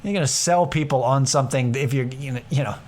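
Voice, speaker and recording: A man's voice: medium pitch, fast. A young man hosting a casual solo podcast, rambling and self-deprecating, swearing freely and acting out what others said. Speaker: podcast host.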